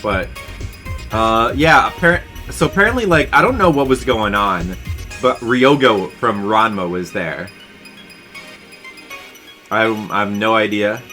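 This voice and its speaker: A webcomic artist in his forties chats casually with patrons on stream while drawing, rambling through old memories, answering chat and restarting a lot. His lowish voice is pushed and bright, a little slow, with frequent pauses, over faint background music.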